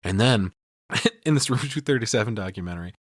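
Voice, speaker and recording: Low-voiced man recapping a film. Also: animated, a little fast, no room sound, studio quality. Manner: profane, storytelling recap. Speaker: podcast co-host. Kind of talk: casual film breakdown.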